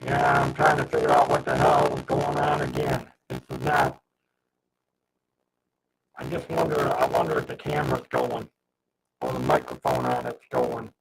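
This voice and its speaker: A man's voice: extremely low pitch, big pitch swings, moderate pace, creaky, long pauses, recorded from a distance. A man hosting a casual livestream, flustered and restarting his sentences while he fights audio trouble. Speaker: livestream host. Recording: noisy livestream audio with hiss.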